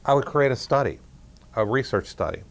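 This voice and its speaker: A man's voice: medium pitch, expressive, a little fast, gravelly. Man telling a research story. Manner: conversational, acts out quoted dialogue. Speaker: parapsychology researcher. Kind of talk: storytelling talk.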